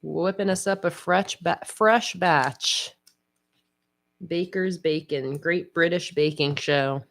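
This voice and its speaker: A woman hosting a casual livestream, chatting in a relaxed way with frequent fillers. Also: fairly low pitch, slow. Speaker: livestream host. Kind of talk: casual livestream chat while planning.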